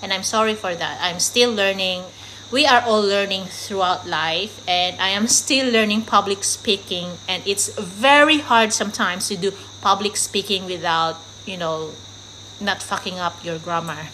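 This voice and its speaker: A woman's voice: medium pitch, unhurried, sharp tone, a little hiss or hum, low-quality recording. A woman from the Philippines with a Filipino accent mixed with American, British and Australian traces, a vlogger talking candidly and rambling, laughing often. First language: Tagalog. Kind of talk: casual talk to camera.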